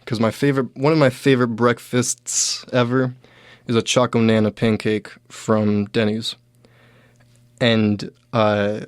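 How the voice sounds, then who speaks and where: A man's voice: mid-range voice, no echo. A young adult man hosting a comedy show, telling rambling everyday stories with lots of fillers and restarts. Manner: rambling, filler-heavy, quoting others in raised voices. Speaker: comedian host. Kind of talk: casual storytelling monologue.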